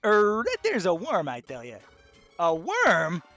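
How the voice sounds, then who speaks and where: A man voicing a gang of gruff male platypus mobsters with a tough-guy gangster drawl. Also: high voice, wildly swooping pitch, a little slow, bright, forceful tone, soft background music, pitched above the performer's own voice, full character voice. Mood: bickering.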